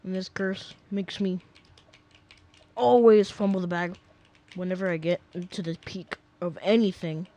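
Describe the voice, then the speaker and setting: A man's voice: sits high, fairly even intonation, a little slow, mellow. A young man casually rambling through gameplay commentary at home, often sidetracked and full of fillers. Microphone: desk mic.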